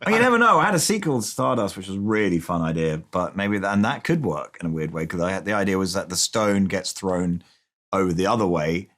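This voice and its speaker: A man with a lowish voice tells stories in a relaxed podcast chat. He rambles and restarts, curses freely, and acts out the voices of the people he quotes. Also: brisk. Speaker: film director guest. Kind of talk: casual anecdotal storytelling.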